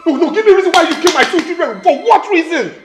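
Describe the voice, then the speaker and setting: A raging nigerian husband, high strained voice, stammers, echoey room with film music over it. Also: male voice, lively intonation, rapid-fire. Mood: furious. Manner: shouting, stammering with rage. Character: grieving furious husband accusing his wife. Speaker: grieving husband and father.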